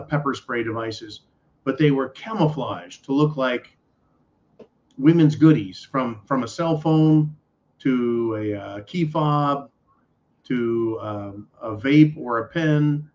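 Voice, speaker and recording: A man's voice: medium pitch, darkish tone. A man hosting a podcast, rambling and ranting with profanity and sarcasm. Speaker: podcast host. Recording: dull lo-fi audio.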